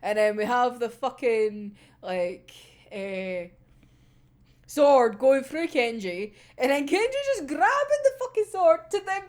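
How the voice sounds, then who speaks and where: A woman with a Scottish accent casually talking through an anime episode, animated and laughing often, with plenty of swearing. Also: high-pitched, slow pace. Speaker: anime reviewer.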